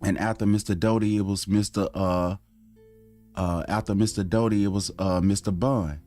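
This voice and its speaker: A man's voice: on the low side, fairly even intonation, normal speed, dark tone, faint music behind. A man from Florida with a Southern US accent, teaching religion in a rambling, conversational way and calling his listeners family. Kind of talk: casual online teaching.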